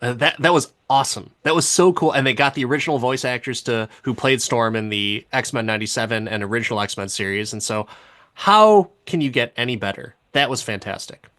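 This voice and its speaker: A man co-hosting a podcast, chatting casually and eagerly about episodes he enjoyed. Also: mid-range voice. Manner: enthusiastic, animated, quick to laugh. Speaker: podcast co-host. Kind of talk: casual review chat.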